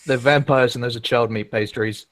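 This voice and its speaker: A man playing a tabletop game, sardonic and deadpan, who swears casually. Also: mid-range voice, normal speed. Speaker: player.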